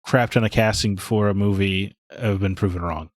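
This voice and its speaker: Low-voiced man in casual podcast chat. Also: fairly even intonation, fairly quick, no echo. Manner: conversational, with frequent restarts. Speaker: podcast co-host.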